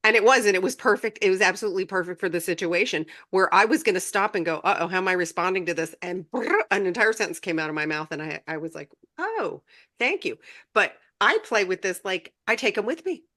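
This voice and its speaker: A woman's voice: fairly low pitch, fast talker, few pauses, sharp tone. A woman co-hosting a spiritual podcast, chatting casually and animatedly about her experiences. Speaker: podcast co-host.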